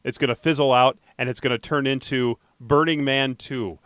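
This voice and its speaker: A man hosting a casual podcast, reading news items and riffing on them in an animated, jokey way. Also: medium pitch, moderate pace, no echo, studio quality. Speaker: podcast host.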